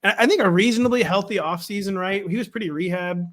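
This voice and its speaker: A man leads a loose sports discussion in a voice pitched a little above most men's. He pokes fun at his own past calls and often breaks into chuckles in the middle of a thought. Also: fairly bright tone. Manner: quick, self-mocking, chuckles mid-sentence. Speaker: show host running the draft. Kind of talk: casual sports chat.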